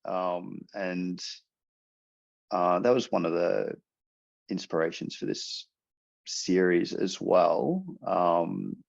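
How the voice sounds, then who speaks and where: A man's voice: sits low, animated, takes it slowly, gravelly, long pauses. A man speaking as an author guest on a podcast, hesitant, with many fillers and restarts. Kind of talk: casual podcast interview. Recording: dull lo-fi audio.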